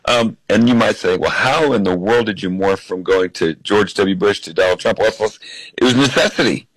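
An American man, a comedian guest in an interview, telling stories and acting out quoted lines with lively shifts. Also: sits low, normal speed, no echo, low-quality recording. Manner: animated storyteller who acts out quotes. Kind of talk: interview storytelling.

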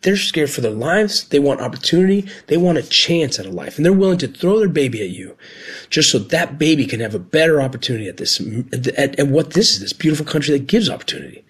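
A man's voice: fairly high pitch, expressive, fast talker, husky. A middle-aged man, a former border agent and medic, telling his story in an earnest, heartfelt way, often restarting his sentences. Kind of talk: personal storytelling.

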